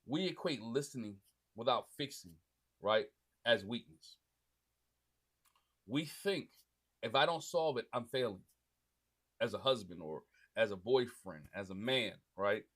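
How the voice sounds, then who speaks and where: A man's voice: medium pitch, fairly bright tone. A man in his forties hosting a casual, faith-based advice talk for husbands, often checking in with "right?" and restarting his sentences. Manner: conversational, frequent "right?" tags and restarts. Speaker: podcast host speaking to husbands.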